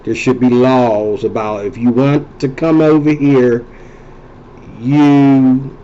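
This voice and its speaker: A man's voice: medium pitch, dark tone. Rambling man on a dull lo-fi recording. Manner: rambling, conversational, repeats and restarts phrases. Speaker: host. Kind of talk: casual rambling monologue.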